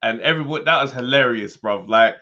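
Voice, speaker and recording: A man co-hosting a podcast, jokey and full of quick interjections. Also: medium pitch, bright, forceful tone. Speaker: podcast co-host. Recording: dull lo-fi sound.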